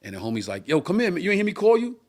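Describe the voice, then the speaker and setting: Animated man telling a profane story. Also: sits high, racing. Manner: animated, profane anecdote with acted-out voices. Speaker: comedian and co-host. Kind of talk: storytelling on a live-streamed talk show.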